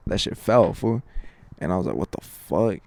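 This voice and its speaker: A man's voice: deep voice, animated, normal speed, darkish tone. A young man casually telling a spooky story on a podcast, slangy and profane, tossing in "fool" every few words. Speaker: podcast co-host.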